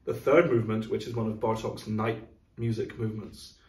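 A man's voice: lowish voice, steady tone, normal speed, darkish tone, far from the mic. Middle-aged man, music director type, thoughtful explainer, room echo, mic a bit off. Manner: thoughtful, explanatory, sings rhythms aloud. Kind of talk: casual chat about classical music. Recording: roomy, from off mic.

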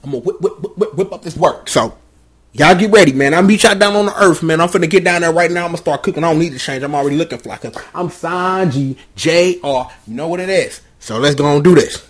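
A man voicing a cocky male cook who brags in a relaxed, slangy swagger. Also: on the high side, fast, slightly rough, voice pushed down. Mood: boastful.

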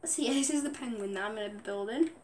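A woman's voice: a little high, quick pace, darkish tone, a little hiss or hum. A young woman on a headset mic, rambling through casual game commentary and often breaking into giggles. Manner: giggly, rambling, keeps apologizing for laughing. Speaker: gaming vlogger.

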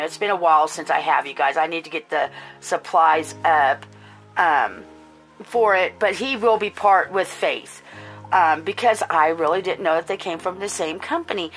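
A woman hosts a chatty doll-collecting vlog, doting and gushing over each little detail. She talks to her viewers casually, with plenty of ums and soft asides. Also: mid-range voice. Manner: gushing, doting, many fillers. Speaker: doll collector and channel host.

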